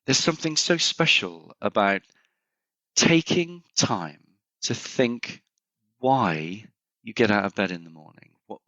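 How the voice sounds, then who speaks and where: A middle-aged man appears as a consultant guest on a conversational podcast interview, telling stories and thinking aloud with many restarts. His voice sits fairly low and sounds bright and forceful, with no echo. The recording is dry and slightly muffled.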